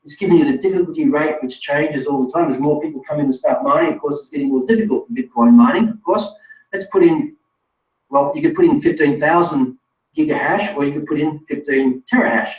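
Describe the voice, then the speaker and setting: A man's voice: on the high side, brisk. A man presenting a live online webinar, talking straight to viewers in a chatty, self-correcting way. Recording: distant roomy lo-fi sound.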